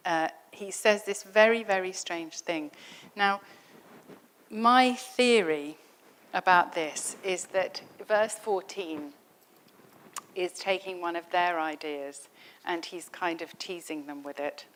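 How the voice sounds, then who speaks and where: A middle-aged woman teaching theology to a class, with a slightly low voice. She works through her points in a conversational way and keeps posing rhetorical questions to the listeners. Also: slow, a bit bright, clear, resonant tone. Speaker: theology lecturer. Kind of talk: spoken Bible teaching. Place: lecture at a summer school.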